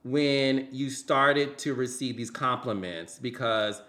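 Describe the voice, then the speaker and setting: Man, podcast host, interviewing, bright voice, playful. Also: medium pitch, takes it slowly. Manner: animated, theatrical, playful.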